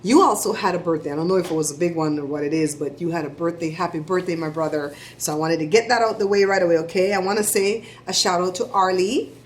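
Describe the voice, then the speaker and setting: A middle-aged woman vlogger giving chatty, animated shout-outs to her viewers. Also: fairly low pitch, quick pace, few pauses, slight background noise. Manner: chatty, animated storytelling with laughs.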